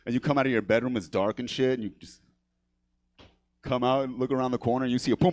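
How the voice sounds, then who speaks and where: Speaking a little fast in a mid-range voice, a New York comic who grew up with Spanish first works a comedy theater stage with crude, brash material. Each line ends with "right?" and his own laughter, captured in a dry, studio-quality recording.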